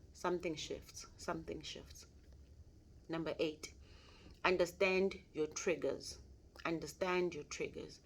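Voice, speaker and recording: Female life coach, low register, earnest motivational delivery with emphatic repetition. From South Africa. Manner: earnest, repeats key points for emphasis, frequent restarts. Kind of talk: motivational mentorship talk.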